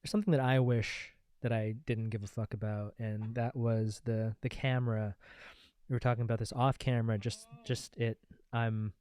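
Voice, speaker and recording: A man's voice: mid-range voice, flat delivery, moderate pace, a little mellow, clear, resonant tone, no room sound. A man co-hosting a casual podcast chat in a living room, answering in a thoughtful, reflective way. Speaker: podcast co-host.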